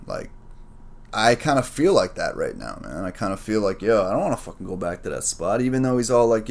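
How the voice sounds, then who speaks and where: Deep-voiced man, rambling casual story. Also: big pitch swings, fairly quick, vocal fry. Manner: rambling, profane, streetwise slang, says "man" and "bro" a lot; reflective, gets worked up retelling a conflict.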